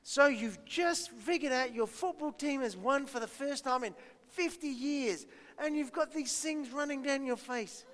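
Pastor, male, high voice, friendly children's talk with questions, long church reverb. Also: a little slow, a bit bright. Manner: chatty, self-deprecating, asks the children questions.

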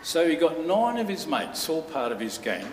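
A man preaches in a church hall, building his story with earnest, dramatic pauses. He sounds set back from the microphone, and his voice rings out in a long, echoing reverb. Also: on the high side, very animated, slight background noise. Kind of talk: sermon. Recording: echoey hall from far off.

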